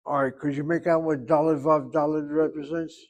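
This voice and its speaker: Teaching Hebrew in an online class, an older man speaks a little fast in a level tone, his slightly high voice having a darkish quality. He cracks jokes and wanders off topic before patiently fixing how a student pronounces something.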